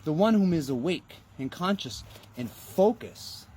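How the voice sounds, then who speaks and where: A man's voice: fairly high pitch, animated, measured pace, warm tone, a little hiss or hum. A man giving a motivational monologue in an emphatic, preachy way, with rhetorical questions and some swearing.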